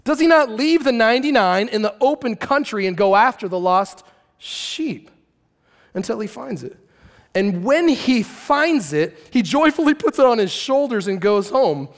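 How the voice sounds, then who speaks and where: A man preaching a lively, conversational sermon and acting out characters with shouts and asides. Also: extremely high pitch, measured pace. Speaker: pastor. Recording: long hall reverb.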